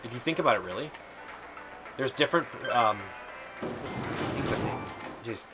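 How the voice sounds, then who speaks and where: Over music, a man streams a video game as a VTuber, rambling through casual chat and frequently tripping on his words. He speaks at normal speed with an animated, medium-pitched voice.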